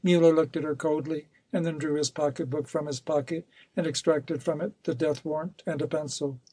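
Male audiobook reader: steady, measured narration, slightly high-pitched, dry close-miked sound. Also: husky, dry recording, rough recording. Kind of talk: scripted narration of a novel.

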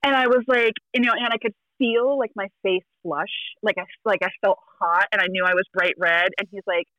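A woman's voice: medium pitch, steady tone, a little fast, sharp tone, dry recording, muffled recording. A woman tarot reader telling a story in casual chat, acting out the quotes and laughing often.

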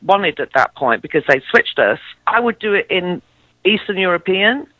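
An English actress in her fifties with a mid-Atlantic accent, telling stories in a casual interview. She is animated and uses many fillers and restarts. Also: lowish voice, normal speed, dry recording. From England. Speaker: actress guest. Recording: dull, dry lo-fi recording.

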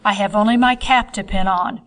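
Casting: a calm, mildly impatient older countess as a woman reads her in an audiobook. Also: mid-range voice, a little fast, natural voice.

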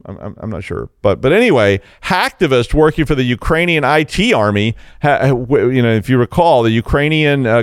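A man's voice: medium pitch, clear, resonant tone, no echo, studio quality. A middle-aged man hosting a casual tech news commentary, wry and sarcastic, rambling with stutters and restarts. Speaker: tech news show host.

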